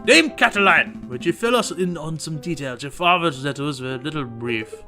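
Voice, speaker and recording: A man's voice: fairly high pitch, lively intonation, moderate pace. A man voicing a confident, courteous male lawyer in a video game, speaking formally. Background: game music.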